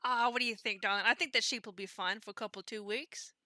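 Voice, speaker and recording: A woman's voice: on the high side, fairly even intonation, fast, bright, forceful tone, no room sound, clean studio sound. A woman player in a tabletop role-play, giggly and affectionate, often laughing between lines.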